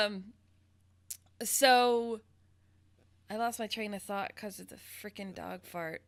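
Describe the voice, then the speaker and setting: Woman from the South, bright voice, bubbly, giggly, gushing, interview host. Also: mid-range voice, slow, clean tone. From American South. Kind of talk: casual interview chat.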